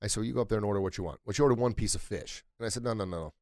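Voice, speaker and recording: A middle-aged man hosting a motivational podcast, telling everyday stories with energy and building to loud, emphatic peaks. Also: lowish voice, very fast, no echo, studio quality. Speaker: podcast host. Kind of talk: motivational solo podcast talk.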